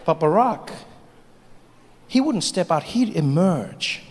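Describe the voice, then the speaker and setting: A middle-aged man with a South African accent doing a stand-up routine, telling stories with quick asides and impressions. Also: fairly high pitch, big pitch swings. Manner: storytelling with quick asides and mimicry. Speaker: stand-up comedian. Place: theater stage. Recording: reverberant live theater recording, faint noise.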